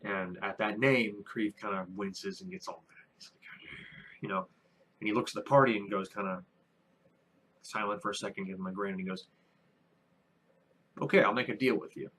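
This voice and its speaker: A man's voice: lowish voice, steady tone, moderate pace, fairly bright tone, breathy edge. A man who is a first-time dungeon master, recapping his latest tabletop session in a casual vlog, rambling with many fillers and restarts.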